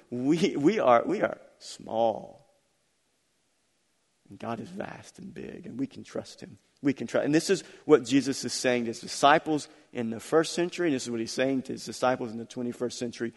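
A middle-aged man preaching a sermon, repeating phrases and swinging between quiet, intimate stretches and loud, emphatic climaxes. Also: mid-range voice. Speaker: pastor. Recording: long hall reverb.

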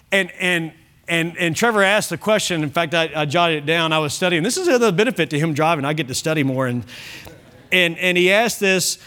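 A male pastor preaching an evening sermon, emphatic, with frequent restarts and softer asides. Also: fairly high pitch. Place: church service.

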